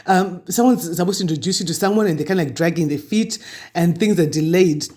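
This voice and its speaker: High-voiced man giving a tarot reading. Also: fast talker, dark tone. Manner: chatty, reassuring, spiritual guidance. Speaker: tarot reader. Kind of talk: weekly tarot reading to camera.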